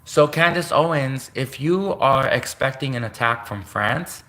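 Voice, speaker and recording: A man's voice: mid-range voice, animated, a little slow, sharp tone, roomy sound. A man from Canada talking in a rambling, meandering casual monologue, full of restarts and asides, seated at home. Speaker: vlogger. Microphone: home desk setup, seated in chair.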